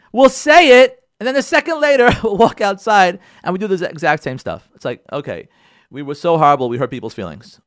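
Animated rabbi giving a lively talk, man. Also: fairly high pitch, no room sound, clean studio sound. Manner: animated, direct, repeats phrases for emphasis; addresses the audience with questions. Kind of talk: informal talk.

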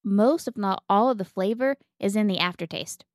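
A woman's voice: medium pitch, moderate pace, no echo, clean studio sound. A woman co-hosting a board game podcast, playful and jokey, giggling often, on a mic on a stand. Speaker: podcast co-host. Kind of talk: casual chat.

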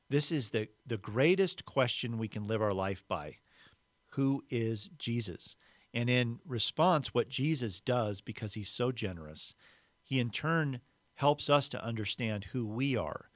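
A man's voice: medium pitch, animated, a little slow, no echo. A man hosting a podcast, giving a devotional teaching in a reflective way and repeating key words for emphasis. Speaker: podcast host.

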